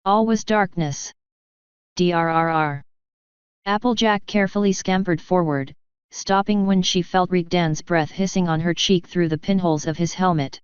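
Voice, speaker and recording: A woman with a low, exceptionally smooth voice reads a story in a measured, dramatic way. The sound is close and dry, with a slightly dull, lo-fi tone to the recording. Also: steady tone, no room sound. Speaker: fanfiction reader. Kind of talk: storybook narration.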